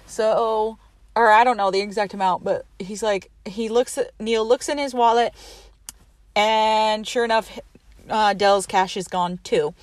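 A woman's voice: medium pitch, fairly even intonation, measured pace, no echo. Chatty young woman, dry close sound. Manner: chatty, lots of "like", laughs often. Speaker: podcast host. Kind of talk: casual movie recap.

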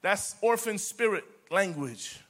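A man preaching to his congregation in a high voice with a bright, forceful edge. He swings from near-whispers to loud declarations and drives his points home by repeating words over and over. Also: animated, slow pace. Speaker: pastor. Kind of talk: sermon.

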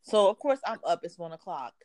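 A woman's voice: fairly low pitch, a little fast, no echo. A woman in her thirties telling a funny home story in casual chat, laughing and acting out what people said. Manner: animated, laughing, acts out quotes.

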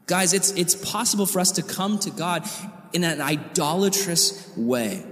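Man, youth pastor, casual slangy preaching, slightly high voice, long hall reverb. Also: a little slow. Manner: animated and slangy, acts out quotes. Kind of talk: youth sermon.

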